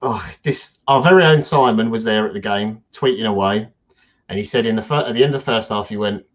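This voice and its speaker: A man's voice: fairly low pitch, a little fast, muffled recording. A man, co-hosting a casual football podcast in a blunt, chatty way. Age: 30s. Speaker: podcast co-host.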